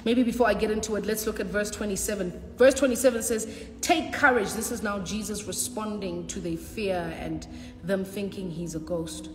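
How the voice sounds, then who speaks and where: A woman preaching a sermon with passion, repeating lines and shouting out at times. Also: medium pitch, moderate pace, echoey room, long reverb tail. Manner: impassioned preaching with shouts and repetition.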